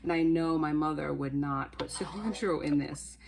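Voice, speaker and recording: A woman's voice: low-pitched, moderate pace, gravelly, noisy background. A woman hosting her own cooking channel, chatting playfully to viewers as she cooks. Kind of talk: casual cooking demo to camera.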